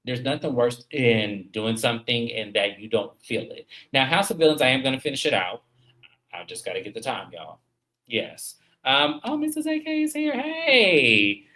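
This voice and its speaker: A man in his thirties hosting a casual livestream, talking straight to viewers in an animated, emphatic way. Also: medium pitch, normal speed. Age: 30s. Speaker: livestream host.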